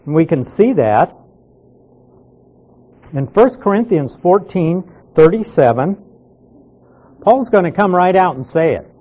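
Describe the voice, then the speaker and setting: A pastor teaching a Bible class, explaining verses slowly and repeating key words for emphasis. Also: male voice, sits high, sing-song. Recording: dull lo-fi sound.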